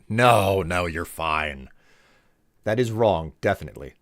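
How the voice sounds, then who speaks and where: A man's voice: on the low side, measured pace, no echo, clean studio sound. A young man from the Upper Midwest chatting casually and joking while reading his live stream's chat.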